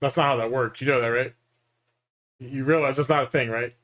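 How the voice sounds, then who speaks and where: A man's voice: mid-range voice, steady tone, fairly quick, a bit bright. A man hosting a reaction stream, sarcastic and incredulous as he picks apart a clip. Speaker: commentary host. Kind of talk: mocking reaction commentary.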